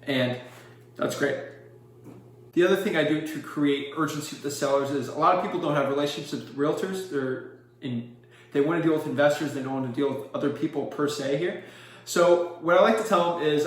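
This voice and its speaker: A man coaching on real estate wholesaling, direct and salesy, acting out his rehearsed pitch lines. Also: fairly quick. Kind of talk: instructional talk with sample sales pitches. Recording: very echoey room.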